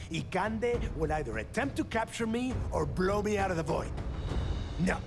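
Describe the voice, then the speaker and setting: A man's voice: sits high, gravelly, exaggerated voice. An actor playing a proud, taunting male pirate captain in a video game, speaking in a theatrical, defiant way. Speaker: game character. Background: game music.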